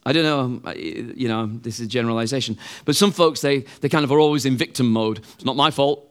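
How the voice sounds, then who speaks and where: A man's voice: mid-range voice, quick pace. A middle-aged man preaching a sermon in a conversational way, acting out the voices of other people.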